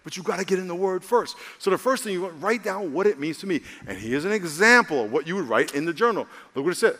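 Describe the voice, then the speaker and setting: A man preaches in a loose, conversational way and keeps calling on the congregation to answer him. His voice sits a little high. The sound carries a long reverb from the church hall. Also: fast. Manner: lively, conversational preaching with call-and-response. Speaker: pastor. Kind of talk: sermon. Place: church sanctuary.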